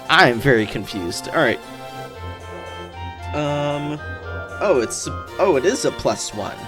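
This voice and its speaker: A man's voice: medium pitch, a little slow, music in the background. A man casually commenting and thinking aloud while playing a role-playing game. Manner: thinking aloud, puzzled asides. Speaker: let's play host.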